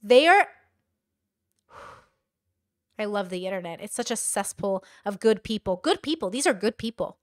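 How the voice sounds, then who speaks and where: A woman's voice: medium pitch, expressive, moderate pace, long pauses, dry recording, studio quality. A woman hosting a reaction commentary, blunt and exasperated, swearing and acting out what others say. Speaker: commentary host. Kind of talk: reaction commentary on stream clips.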